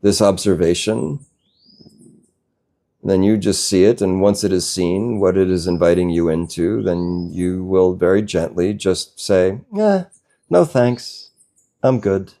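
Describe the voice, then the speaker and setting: A man giving a slow, gentle spiritual talk as a teacher, reflective and unhurried, now and then laughing softly. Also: deep voice, steady tone. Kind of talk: satsang talk.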